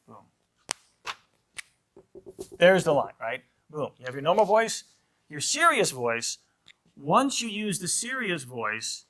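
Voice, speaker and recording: A man with a fairly high voice teaches a marriage class as a priest. His delivery is loose and conversational, punctuated by "right?" and brief acted-out lines of what kids and parents say. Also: a bit bright. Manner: conversational, often asks "right?"; acts out short quoted lines of kids and parents. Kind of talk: informal lecture.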